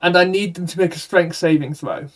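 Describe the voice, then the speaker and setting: A man playing a tabletop game, thinking aloud deliberately with pauses. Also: a little high, fairly even intonation, faint music behind. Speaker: player. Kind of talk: casual tabletop game play.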